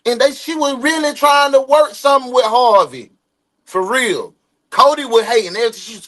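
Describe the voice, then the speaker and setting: A man reacts to a video with casual, animated commentary, laughing and slipping into the voices of the people in the story. His voice is very high-pitched and his pace moderate.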